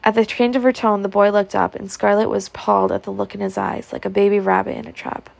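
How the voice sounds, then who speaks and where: Woman reading a novel in a gravelly voice. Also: mid-range voice, flat delivery, fast, darkish tone, dry recording. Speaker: audiobook reader.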